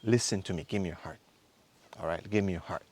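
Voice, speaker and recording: A man in his thirties giving an impassioned motivational lecture as a men's course instructor, hectoring his listeners with rapid-fire rhetorical questions. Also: deep voice, a little mellow. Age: 30s.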